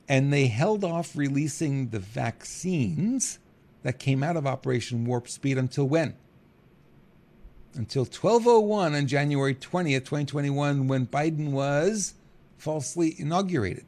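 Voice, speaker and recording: Man, middle-aged, podcast host, casual monologue, higher-pitched, animated, chuckling. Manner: animated, acts out quotes with big pitch jumps, chuckles.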